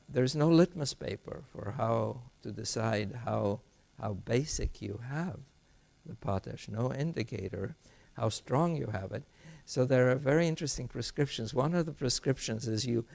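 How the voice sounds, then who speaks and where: A man's voice: medium pitch, vocal fry, darkish tone. An older man giving an academic lecture, thoughtful and digressive, often restarting his sentences. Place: lecture hall.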